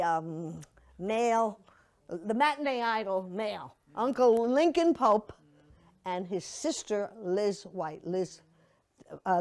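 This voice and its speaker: An older woman telling stories to a church audience in a chatty, playful way, slipping into mocking put-on voices. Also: medium pitch. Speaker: speaker giving a memorial slideshow reflection. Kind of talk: casual storytelling to an audience.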